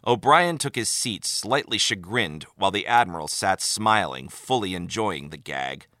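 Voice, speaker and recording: A male narrator reading a story with lively, expressive delivery. His voice is lowish but bright, recorded close and dry. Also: moderate pace, dry recording. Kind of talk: audiobook narration of fan fiction.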